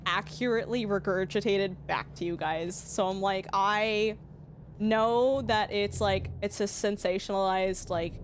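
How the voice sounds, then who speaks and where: Her pitch is medium and her intonation fairly even, and she talks a little slowly during this casual gaming livestream. The young Canadian woman is chatty and laughing, repeatedly checking how she says place names, with slight background noise.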